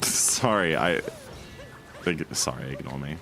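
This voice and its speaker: A man's voice: deep voice, big pitch swings, moderate pace, fairly bright tone, soft background music. A man casually chatting and joking with his chat while speedrunning on a livestream. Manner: playful, jokey, reads chat aloud. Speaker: streamer.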